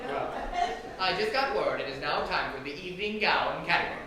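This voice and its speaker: A man playing a bumbling male beauty pageant announcer in a community stage play, jokey and excitable. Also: a little high, brisk. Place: theater stage. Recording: echoey hall, distant and noisy.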